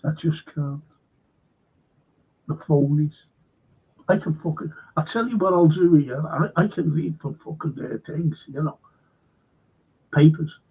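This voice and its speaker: A man's voice: on the high side, unhurried, long pauses, slightly rough. A man hosting a casual fan livestream, swearing a lot, rambling, and reading viewer comments aloud. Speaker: livestream host. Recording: dull lo-fi stream audio.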